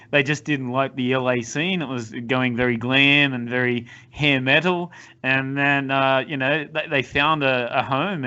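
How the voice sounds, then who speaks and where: A man's voice: medium pitch, sharp tone, highs cut off. A man hosting a podcast interview, politely cutting in to add a point. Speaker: podcast host. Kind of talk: casual interview chat.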